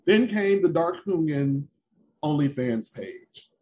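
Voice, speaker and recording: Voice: medium pitch, expressive, takes it slowly, mellow, poor audio. A podcast host asking a guest questions in a casual interview.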